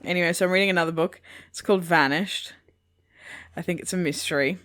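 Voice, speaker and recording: A woman's voice: fairly low pitch, quick pace, fairly bright tone. Laid-back woman, dry chat. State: pregnant. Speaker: podcast co-host. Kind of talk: casual chat.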